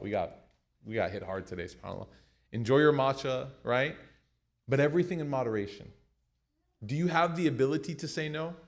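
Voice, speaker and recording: An American man in his young adult years leads a class in a loose, conversational way. He keeps things light with jokes and lively retold anecdotes, and his voice sits at an ordinary middle pitch. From United States. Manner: conversational, joking, animated retelling. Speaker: teacher. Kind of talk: class lecture with storytelling.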